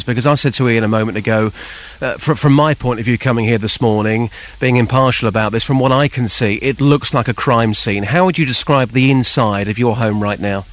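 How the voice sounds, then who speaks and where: A man reporting live for radio, asking earnest, probing questions. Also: mid-range voice.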